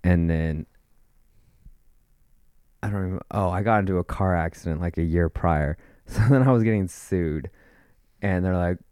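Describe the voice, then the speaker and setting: A man's voice: deep voice, moderate pace, long pauses, darkish tone, clean tone, dry recording, clean studio sound. A young man casually telling a rambling, profane story, full of fillers and restarts. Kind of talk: casual chat.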